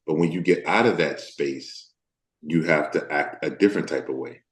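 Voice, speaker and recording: A man from the Deep South of the US, an actor speaking candidly as an interview guest, thoughtful and halting with many fillers. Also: reverberant.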